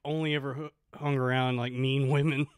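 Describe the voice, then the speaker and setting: A young man telling a comedic story on a podcast, deadpan and halting, with fillers and quoted voices. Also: mid-range voice, smooth, dry recording, clean studio sound. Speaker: podcast co-host.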